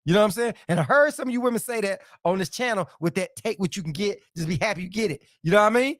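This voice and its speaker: High-voiced joking male livestream host. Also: racing, fairly bright tone, no echo, studio quality. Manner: playful, repeats phrases, laughs often. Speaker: livestream host reading viewer comments. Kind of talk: casual joking livestream chat.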